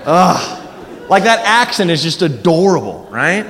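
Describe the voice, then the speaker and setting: Animated man doing stand-up, lively pitch. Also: a little slow. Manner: animated, acts out voices, crude. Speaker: stand-up comedian. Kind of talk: stand-up set. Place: comedy club stage. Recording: reverberant noisy club recording.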